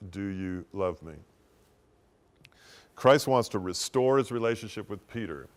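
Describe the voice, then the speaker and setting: A man hosting a devotional program, giving an earnest teaching talk that swings between emphatic and hushed. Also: sits low. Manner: earnest and explanatory.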